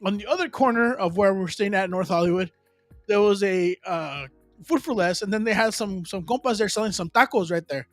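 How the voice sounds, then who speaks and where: A man talks loosely and rambles through a casual chat, dropping slang and Spanish phrases as he goes. His voice sits high for a man. It is recorded dry and close, with faint music underneath. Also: animated, fairly quick, fairly bright tone, dry recording. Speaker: live stream host.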